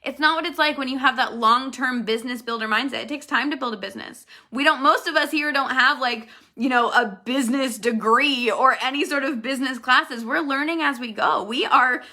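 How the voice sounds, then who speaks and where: Bright-voiced woman coaching her sales team. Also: high voice, a little fast, hardly any pauses. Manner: earnest, direct, addresses viewers as "you guys". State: emotional, near tears at times. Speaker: network marketing team leader. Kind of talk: motivational video talk to her team.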